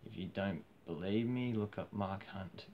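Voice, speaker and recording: A hoarse man with an Australian accent, his very low voice full of gravelly fry. He rambles through a casual monologue, restarting his sentences and filling pauses. The recording is dull and lo-fi, with a faint hiss in the background. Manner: rambling, frequent restarts and fillers. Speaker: vlogger.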